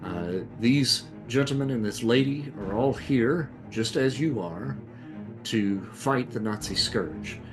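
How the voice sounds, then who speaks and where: A man voicing a formal, smooth-talking undercover spy who persuades soldiers to leave, over background music. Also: mid-range voice, expressive, slow pace. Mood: persuasive.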